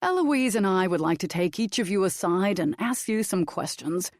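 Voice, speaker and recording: A woman's voice: medium pitch, animated, moderate pace, a little mellow, no room sound, studio quality, close to an everyday voice. A woman voicing a nervous, overly formal male vampire official in an audiobook, speaking in a stiff, polite way. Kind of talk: audiobook character voice.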